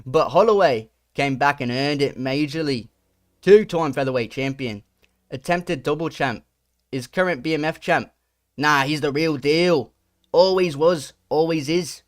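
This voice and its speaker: Man putting on a mock British accent, brash boastful fighter, slow mocking read, dry close sound. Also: fairly high pitch, dry recording, natural voice. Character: brash boastful male fighter ranting online.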